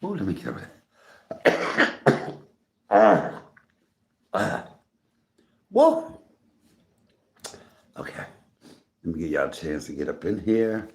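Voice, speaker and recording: A man's voice: sits low, animated, measured pace, pauses often. A middle-aged man hosting a casual livestream from his home, chatty and greeting viewers by name, coughing often. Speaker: livestream host. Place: home room. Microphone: phone on a tripod.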